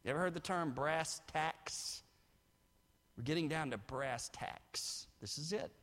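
A male pastor preaching a sermon, swinging from quiet asides to shouted peaks. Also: takes it slowly. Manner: builds from low asides to shouted climaxes. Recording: long hall reverb.

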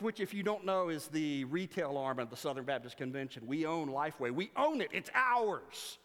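Animated preacher in a reverberant hall. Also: male voice, a little high, moderate pace, hardly any pauses. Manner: animated storytelling with playful sarcasm. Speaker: pastor. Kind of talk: sermon.

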